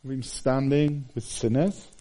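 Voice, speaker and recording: A man's voice: medium pitch, fairly even intonation, measured pace, mellow. A man in his forties preaching a sermon, telling stories animatedly with fillers and restarts.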